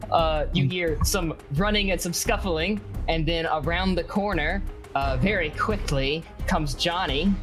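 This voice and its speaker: Low woman's voice, game master narration, casual, with music under it. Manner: loose, filler-heavy narration with quick voiced asides.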